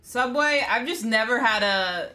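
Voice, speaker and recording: A woman's voice: fairly high pitch, expressive, unhurried, sharp tone, soft background music. A young woman chatting casually, teasing her partner. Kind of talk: casual chat.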